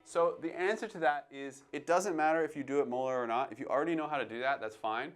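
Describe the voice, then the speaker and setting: A man teaching jazz drumming, calmly coaching and counting beats aloud between demonstrations. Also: fairly high pitch, fast talker, soft background music. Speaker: drum teacher. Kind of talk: instructional demonstration. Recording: drums playing behind the voice. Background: drum playing between phrases.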